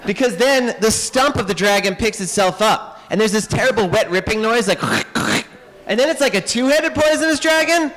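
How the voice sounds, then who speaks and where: Animated man telling myths to kids. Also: high-pitched, in a large hall, low-quality recording. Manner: animated, joking, quick asides. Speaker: author and illustrator. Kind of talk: lively storytelling talk to children. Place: public library event room.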